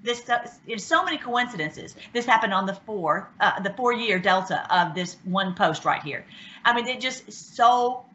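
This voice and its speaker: Woman, casual talk show host, rambling, excited, bright tone, muffled lo-fi recording. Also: mid-range voice, normal speed. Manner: rambling, excited, with many restarts and fillers. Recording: dull lo-fi sound.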